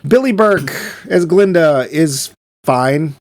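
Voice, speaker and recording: A man's voice: on the high side, animated, slow. A man co-hosting a podcast in casual movie chat, opinionated and given to dry asides. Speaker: podcast co-host.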